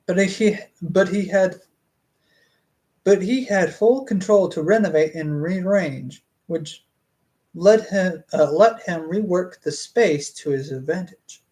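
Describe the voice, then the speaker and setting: Slow, higher-voiced man reading aloud. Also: a little mellow. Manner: stumbles over words and laughs at his own jokes. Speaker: book reader and streamer. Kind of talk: reading a novel aloud live, with chatty asides.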